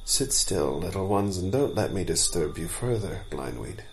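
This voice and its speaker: A man voicing a brave, courteous male deer captain in a storybook, gentle and polite. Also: low-pitched, expressive, normal speed, slight background noise, pitched below the performer's own voice.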